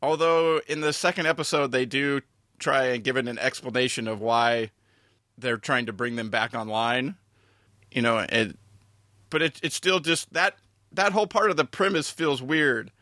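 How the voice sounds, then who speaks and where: A man co-hosting a TV podcast, talking casually and haltingly with many fillers and restarts. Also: medium pitch, bright, forceful tone, no room sound, studio quality. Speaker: podcast co-host. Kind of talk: casual chat.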